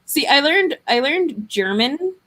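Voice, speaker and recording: A woman's voice: high-pitched, expressive, slow pace, sharp tone. A woman from Arizona, chatting casually, rambling and self-deprecating. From Arizona, USA. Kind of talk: casual chat.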